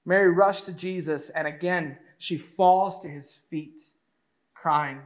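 A man retelling a Bible story in an emotive, conversational way, moving from hushed to excited. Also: fairly high pitch, takes it slowly, rough recording.

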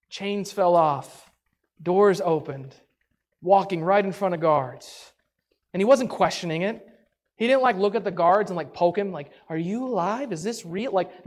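Chatty woman teaching a Bible story. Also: mid-range voice. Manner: animated, acts out the characters' lines in quick voices; chatty, peppered with "like".

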